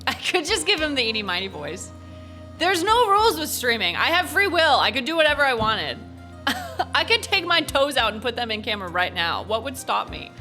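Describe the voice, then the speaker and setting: A young woman streamer commentating casually on a game, animated and giggly, swearing now and then. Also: high-pitched, a little fast, faint music behind. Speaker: gaming streamer. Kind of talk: casual let's-play commentary.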